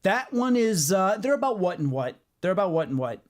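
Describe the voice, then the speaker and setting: A man's voice: sits high, very animated, fairly quick. A man hosting a casual comics podcast, explaining his points firmly with many ums and uhs. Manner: assertive, explains at length with fillers. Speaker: podcast host. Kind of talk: casual chat.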